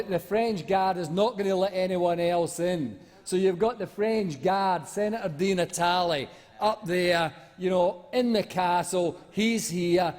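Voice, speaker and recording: A man's voice: sits high, darkish tone. Man, senator, parliamentary debate, rambling, mocking, many fillers, echoey chamber.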